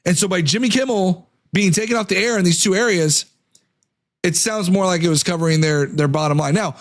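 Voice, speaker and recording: A young adult man hosting a political live stream, reading corporate statements aloud and tearing into them while losing his voice to a cold. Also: high-pitched. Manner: reads statements aloud, then rants against them. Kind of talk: casual live-stream commentary.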